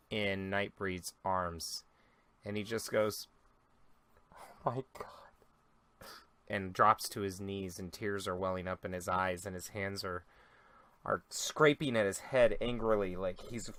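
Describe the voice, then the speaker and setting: A young man runs a tabletop game as dungeon master. His voice is bright and fairly low, and he tells the story loosely, full of fillers and restarts.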